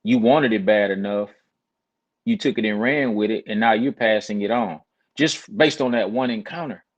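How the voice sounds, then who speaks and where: A male talk show guest with a lowish voice who speaks earnestly. He leans on scripture and repeats words for emphasis, with a preaching tone. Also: moderate pace, lo-fi sound. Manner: earnest, cites scripture, builds points with repetition. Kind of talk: casual chat with a preaching tone.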